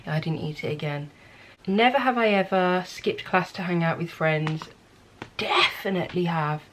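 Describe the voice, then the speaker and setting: Speaking at a moderate pace in a voice on the low side, a young woman from England with a Birmingham accent tells the camera about herself in a casual home vlog. She is chatty, frank and quick to poke fun at herself. There's a little hiss or hum from the camera mic.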